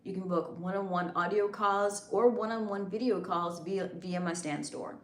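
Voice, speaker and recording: A woman's voice: medium pitch, fairly even intonation, normal speed, roomy sound. A woman hosting a casual livestream, hyped and chatty, talking straight to her viewers. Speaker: livestream host and content creator. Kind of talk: casual live chat.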